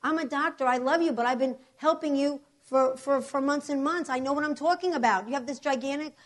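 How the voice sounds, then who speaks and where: A woman's voice: high-pitched, fairly quick, pitched above the performer's own voice, lightly acted. A woman preacher voicing a patient, insistent male doctor in a retold story.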